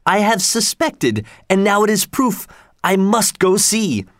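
An excitable little French scientist bursts in voiced by a man reading the story, his French-accented voice pitched high and breathless with eagerness. He presses and pleads rather than asks. The sound is dry and close. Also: takes it slowly, no echo, heavily acted. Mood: astonished. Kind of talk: audiobook character voice.

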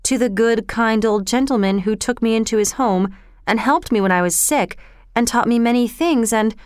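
A woman's voice: normal speed, darkish tone, smooth, no echo, studio quality, natural voice. A woman doing a frightened, tearful young boy. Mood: pleading. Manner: high, trembling and tearful. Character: young boy, frightened and pleading, near tears.

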